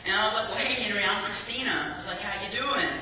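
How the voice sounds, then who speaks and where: A woman tells a personal testimony in a very bright, ringing voice, acting out each exchange like a lively storyteller. She sounds far from the mic in a big echoey hall with long reverb, and faint ambience underneath. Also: mid-range voice, fast talker, a little hiss or hum. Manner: lively storyteller who acts out dialogue and laughs often. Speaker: speaker giving a testimony. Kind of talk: personal testimony to a church audience.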